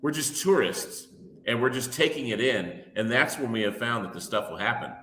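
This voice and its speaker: A man's voice: mid-range voice, animated, moderate pace, reverberant, heavy background noise. A man, a paranormal investigator, explaining his methods in a casual interview and building each point with everyday analogies.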